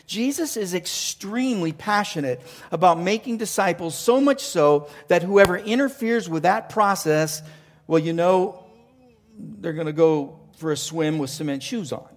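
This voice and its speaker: A man's voice: high-pitched, a little slow. A male pastor preaching a passionate sermon, asking rhetorical questions and often restarting his sentences. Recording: long reverb of a large hall.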